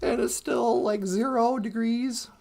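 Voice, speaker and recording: A woman's voice: on the high side, fairly even intonation, measured pace, vocal fry, warm tone. A woman from Minnesota co-hosting a casual live stream, playful and laughing often. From Minnesota, USA. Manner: playful, laughs often, makes goofy computer beeps.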